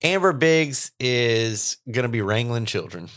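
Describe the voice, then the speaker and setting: Brief: man co-host, medium pitch, joking and playful, relaxed podcast banter. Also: unhurried, smooth. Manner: playful, slips into comic voices for imagined guests. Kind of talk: casual chat.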